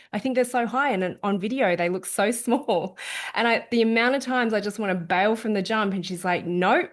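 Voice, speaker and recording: A woman coach talking casually to an online audience, chatty, often checking in with "okay?". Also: mid-range voice. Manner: chatty, frequent "okay?", lively quoting of herself. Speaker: wellness coach presenting an online event.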